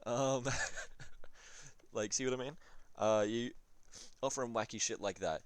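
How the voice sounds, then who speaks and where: A man's voice: medium pitch, a little slow, pauses often, no echo. A young man rambling through advice on a strategy game, swearing and joking, often trailing off with ums. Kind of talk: casual rambling game commentary.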